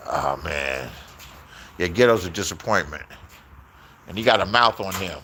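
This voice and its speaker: A man's voice: deep voice, expressive, measured pace, long pauses, pushed and bright, a little hiss or hum. A man telling stories in a casual, rambling rant, swearing a lot and repeating his phrases.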